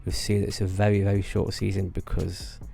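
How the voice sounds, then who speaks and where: Gravelly low-voiced man rambling through memories. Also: flat delivery, fairly quick, warm tone, faint music behind. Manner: rambling, restarts often, laughs at own stories. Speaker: vlogger recalling theme park work. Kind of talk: rambling casual storytelling.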